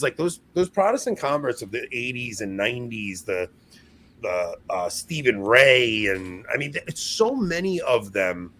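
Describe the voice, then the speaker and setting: A man hosting a podcast in casual chat, animated, laughing at himself and restarting his sentences. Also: medium pitch, slight background noise. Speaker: podcast host.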